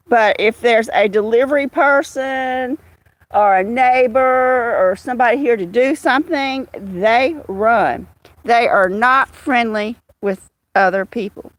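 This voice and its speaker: A woman hosting a casual livestream outdoors, greeting viewers by name in a slow, chatty way. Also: on the high side, no echo. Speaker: livestream host. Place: outdoors with cats.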